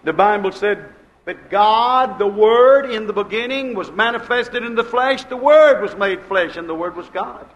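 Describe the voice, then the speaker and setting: A man with a notably high voice preaching a sermon. He repeats key phrases for emphasis and swings between hushed lines and loud, forceful declarations. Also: normal speed, lo-fi sound.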